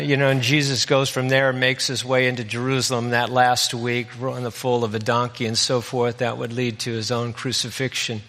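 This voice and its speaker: A man preaching a sermon, retelling a Bible story in a relaxed, folksy, conversational way. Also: medium pitch. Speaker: pastor. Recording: long reverb of a hall.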